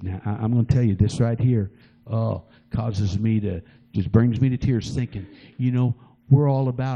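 A man's voice: medium pitch, fairly even intonation, moderate pace, mellow, husky, lo-fi sound. A middle-aged man preaching a sermon, retelling a story with emotional, rising and falling delivery and frequent repetitions.

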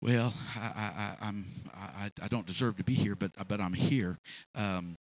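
A man voicing a weary young male prisoner who talks low and halting, with many restarts. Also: close to an everyday voice, rough recording. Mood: downcast. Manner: halting, stammering, subdued.

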